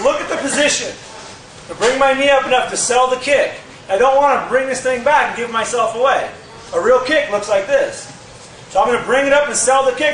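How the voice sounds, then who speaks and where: A man teaching a martial arts move in a lively, demonstrative way, with sound effects, recorded from a distant camera. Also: extremely high pitch, slight background noise. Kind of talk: casual instructional demonstration. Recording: echoey gym from far off with crowd.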